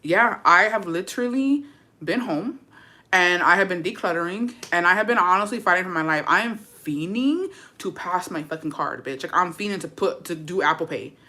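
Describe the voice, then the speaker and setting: A woman's voice: fairly low pitch, animated, moderate pace, pushed and bright. A young woman vlogger chatting casually to her viewers, slangy and profane, dropping in Spanish words. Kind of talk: casual chat to camera.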